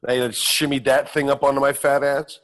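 A man's voice: medium pitch, flat delivery, a little fast, fairly bright tone. A middle-aged man casually telling a self-mocking, profane story on a talk show, acting out the other people's lines. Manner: profane, self-mocking, acts out quoted voices.

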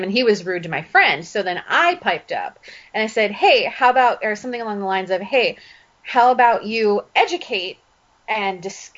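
A woman co-hosting a podcast, telling a story in a lively, laughing way. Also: medium pitch. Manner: animated storytelling with frequent laughs. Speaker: podcast co-host. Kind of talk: casual chat. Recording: dull lo-fi audio.

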